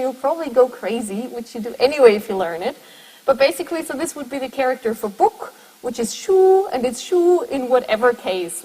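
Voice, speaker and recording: High-voiced woman lecturing in a hall. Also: darkish tone, slightly rough. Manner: explanatory, often checks in with "right?". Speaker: university lecturer. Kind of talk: linguistics lecture to students.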